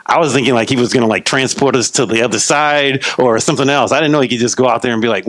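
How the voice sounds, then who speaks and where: Casual, animated preaching man. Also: mid-range voice, quick pace. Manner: casual, animated storytelling, playful. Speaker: pastor. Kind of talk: sermon.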